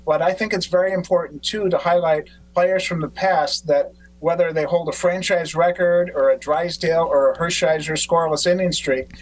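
A man hosting a podcast who tells stories in an animated way and acts out quotes. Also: on the high side, normal speed, hardly any pauses, poor audio. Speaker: podcast host. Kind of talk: casual conversation.

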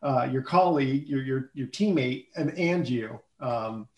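A man's voice: medium pitch, a little slow, reverberant, dull audio. A man hosting a casual sports talk show over a video call, rambling a bit with fillers and restarts. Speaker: show host.

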